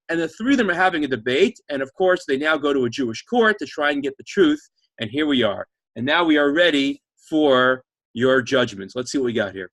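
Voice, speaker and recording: Animated man teaching an online class. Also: medium pitch, brisk, hardly any pauses, no echo. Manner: animated, chatty. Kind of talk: storytelling lecture, reading live comments.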